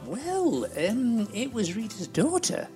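A woman's voice: fairly high pitch, big pitch swings, slow, warm tone, soft background music. A woman playing a gossipy, bossy older lady who muddles her words and scolds the host. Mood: rambling. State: out of breath.

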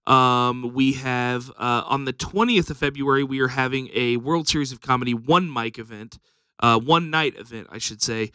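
A man's voice: medium pitch, normal speed, pushed and bright, smooth, no room sound, studio quality. A man who books comedy shows and co-hosts a podcast, reading out dates in a rambling way with lots of ums. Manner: rambling announcements with many ums. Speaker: comedy show booker and podcast co-host. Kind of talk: casual podcast chat.

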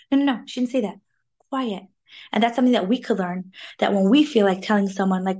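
A woman giving an informal, animated weekly Torah talk, sprinkling in Hebrew terms. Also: mid-range voice, fast talker. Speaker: Torah class speaker.

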